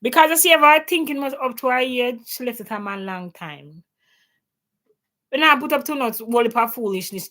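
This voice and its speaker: A Jamaican woman based in Canada hosts a laid-back opinion livestream from her home, weaving patois into her English with lots of emphasis. Her voice sits fairly high and has a sharp edge.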